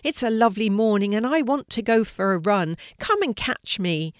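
A mean, bossy squirrel brother from a children's storybook, voiced by a woman, who scolds his sister sharply. The voice sits low and is recorded dry and close. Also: animated, normal speed, no echo, close to an everyday voice. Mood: shouting.

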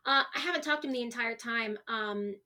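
A woman's voice: a little high, brisk, sharp tone. A woman in her twenties speaking as a podcast guest, open and emotional, often restarting her sentences. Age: 20s. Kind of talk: candid conversational interview.

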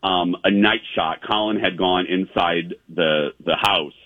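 A man's voice: low voice, unhurried, no room sound. A man hosting a casual show, telling a long story in a rambling way with many fillers and restarts. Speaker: host. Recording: dry tinny phone-like line.

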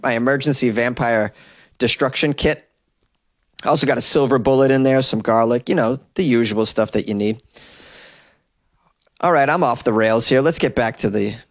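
Guy doing a comedy news podcast from his closet, dry close sound, keeps going off on silly tangents and squeaking up high. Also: no echo. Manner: rambling, joking asides with sudden high exclamations. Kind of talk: comic news commentary. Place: small closet in an apartment. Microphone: desk mic in closet.

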